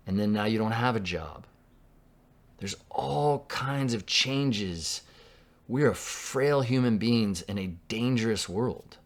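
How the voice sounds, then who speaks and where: A man from Southern California preaching a sermon in a conversational way, dropping to a hush for quoted lines. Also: mid-range voice. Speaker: pastor.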